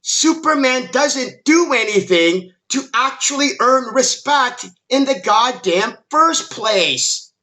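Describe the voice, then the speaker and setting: A man's voice: very high voice, animated, slow pace, few pauses, sharp tone. A man giving an exasperated, emphatic movie critique monologue, often restarting his sentences as he rants. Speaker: film commentary YouTuber.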